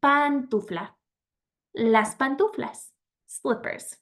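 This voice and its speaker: A woman teaching vocabulary in a slow, patient, encouraging way, repeating each word and praising the learner. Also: high voice, fairly bright tone. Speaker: Spanish teacher. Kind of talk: slow vocabulary lesson with pauses.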